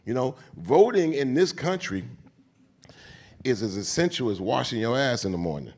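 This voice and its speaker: A man with a New York accent speaks on stage at an event. He talks in an animated, sermon-like way, loaded with street slang and casual profanity. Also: mid-range voice, normal speed. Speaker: keynote speaker. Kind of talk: onstage conversation. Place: event stage before an audience.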